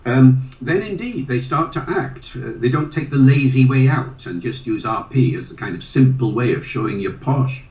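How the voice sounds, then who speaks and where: A man's voice: medium pitch, lively intonation, moderate pace, few pauses, a little mellow. An older man speaks as an interview guest, easing into anecdotes with many small hesitations and fillers. His voice carries a roomy echo. He sounds set back from the microphone. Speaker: guest, linguist. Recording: roomy sound from a distant mic.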